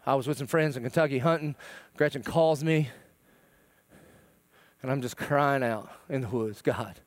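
A middle-aged male pastor preaching a sermon, swinging between loud pleading and hushed, emotional tones. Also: mid-range voice, normal speed, dry recording. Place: church.

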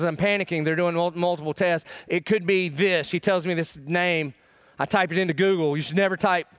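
A middle-aged male pastor preaching a sermon, swinging between loud pleading and hushed, emotional tones. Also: sits high, clear, resonant tone, no room sound, studio quality. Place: church.

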